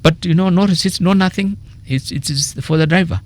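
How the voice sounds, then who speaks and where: A man with a Kenyan accent, a political economist speaking as a radio interview guest, animated and telling stories with quoted asides. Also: high-pitched, fairly quick.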